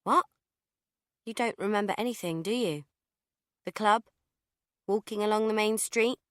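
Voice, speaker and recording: A woman's voice: medium pitch, moderate pace, fairly bright tone, no room sound, studio quality, voice pushed up, lightly acted. Woman reading as a distraught young woman. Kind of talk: audiobook character voice.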